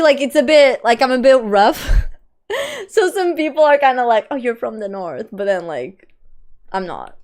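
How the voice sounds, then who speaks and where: A young woman with a light Portuguese accent and a fairly high voice, chatting away on a live stream. She talks in a loose, rambling way, laughs often and swears without a second thought. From Portugal, Lisbon. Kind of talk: casual live-stream chat.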